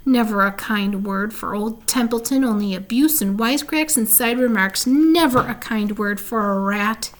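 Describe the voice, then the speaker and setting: A woman's voice: on the high side, normal speed, few pauses, natural voice. A woman reading a storybook aloud, voicing a lazy, sarcastic male rat who grumbles and mocks. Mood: self-pitying.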